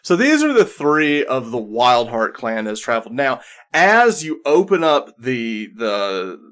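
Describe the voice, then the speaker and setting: A man's voice: medium pitch, very animated, a little slow, fairly bright tone. A man narrating a tabletop game as game master, rambling with many restarts.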